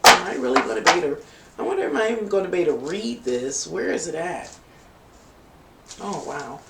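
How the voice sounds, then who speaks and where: A gravelly middle-aged woman, reading tarot on a live stream in a loose, teasing, bawdy way. She sits a little back from the mic in a roomy space. A faint hum runs underneath her voice. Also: on the low side, very animated, a little fast, recorded from a distance. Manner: playful, bawdy banter with viewers. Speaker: tarot reader.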